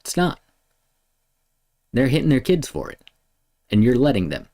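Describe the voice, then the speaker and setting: Furious ranting man, lively pitch. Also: moderate pace. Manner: heated, swearing, lurching between shouts and mutters. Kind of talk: angry profane rant.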